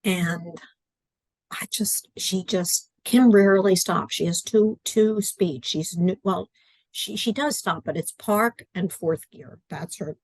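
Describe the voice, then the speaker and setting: At home in her study, a middle-aged woman joins a video-call interview as a guest, talking casually at a slow pace in a medium-pitched voice with no room sound. An adaptive curriculum writer, she is earnest and chatty and acts out her quotes.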